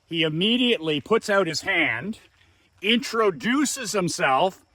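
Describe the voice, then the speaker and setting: Emphatic man with a bright, forceful voice. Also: sits high, expressive, unhurried, no room sound. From Canada. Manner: emphatic, repeats words for effect. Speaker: business coach telling a story. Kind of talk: casual storytelling.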